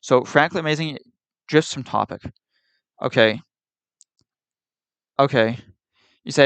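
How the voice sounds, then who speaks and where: A man's voice: medium pitch, a little slow, pauses often, fairly bright tone, dry recording. A man streaming live, arguing with and ranting at his chat in an exasperated, repetitive way. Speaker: livestreamer.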